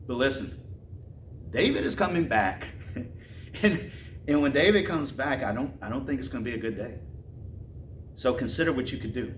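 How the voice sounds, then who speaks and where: Animated male preacher telling a story with slangy asides, recorded in a roomy space from a distance. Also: mid-range voice, a little hiss or hum. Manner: animated, repeats words, chuckles, slangy asides. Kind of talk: casual sermon storytelling. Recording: roomy and distant with faint ambience.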